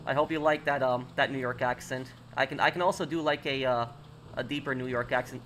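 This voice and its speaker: Bright-voiced man chatting on a game stream. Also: medium pitch, steady tone, brisk, slight background noise. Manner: rambling, many fillers and restarts, reading chat aloud. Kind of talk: casual live-stream chat while gaming.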